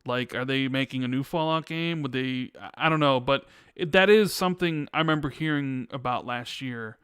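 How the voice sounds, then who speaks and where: Smooth-voiced podcast host, man. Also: medium pitch, normal speed, a bit bright, dry recording, clean studio sound. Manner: hesitant, questioning, restarts. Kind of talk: casual chat.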